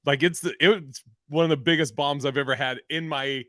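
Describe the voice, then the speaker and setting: A man's voice: a little high, fairly even intonation, moderate pace, pushed and bright, no room sound, clean studio sound. A man hosting a comedy podcast, telling stories in rambling, profane casual chat with many restarts.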